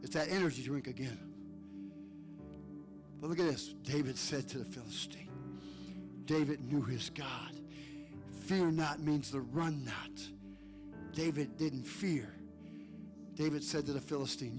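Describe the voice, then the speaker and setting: A man's voice: mid-range voice, unhurried, pauses often, over music. A male pastor preaching a fired-up sermon, calling on listeners by name.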